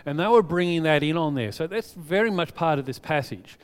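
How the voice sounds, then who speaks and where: A man preaching a sermon to his congregation, telling a childhood story in a chatty, animated way. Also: on the high side, fairly quick, smooth. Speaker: pastor. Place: church hall. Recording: long reverb of a large hall.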